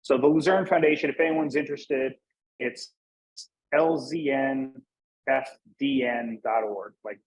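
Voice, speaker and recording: A man's voice: mid-range voice, steady tone, a little slow, poor audio. A man from Northeast Pennsylvania, a guest in a casual interview, speaking in an easygoing way with "you know" fillers. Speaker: guest, cigar brand manager.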